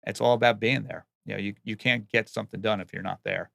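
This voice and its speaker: A man's voice: on the low side, steady tone, fast talker, gravelly, a bit bright, dry recording, studio quality. A man who builds and remodels homes, answering interview questions in a plain, earnest way and often restarting his words.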